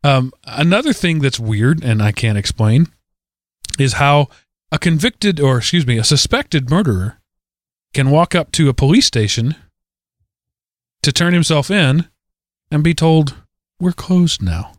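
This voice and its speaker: A man co-hosting a podcast, casually retelling odd news stories in an animated way, often correcting himself mid-sentence. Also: on the high side, a little slow, pauses often, dry recording, studio quality. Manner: animated, self-correcting storyteller. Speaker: podcast co-host.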